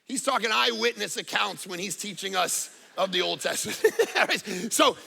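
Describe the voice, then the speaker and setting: A middle-aged man preaching a sermon as pastor, telling stories with animated swings from hushed to loud. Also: high-pitched, moderate pace, vocal fry, breathy edge.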